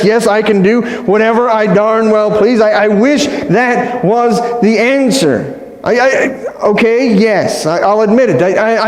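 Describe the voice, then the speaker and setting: Male pastor, conversational, joking sermon; higher voice, church hall with roomy reverb. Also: a little mellow. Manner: conversational, asks the congregation questions; playful, self-deprecating humor. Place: church sanctuary.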